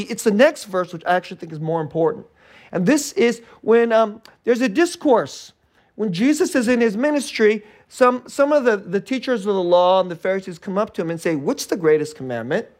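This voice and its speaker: A middle-aged pastor preaching a sermon in a conversational way, often restarting phrases and chuckling between points. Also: male voice, sits high.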